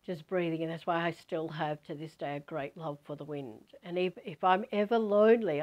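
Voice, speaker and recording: Lively Australian woman telling a story. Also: low voice. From Western Australia. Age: over 50. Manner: animated, acts out quoted voices. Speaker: spiritual teacher. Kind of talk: personal storytelling.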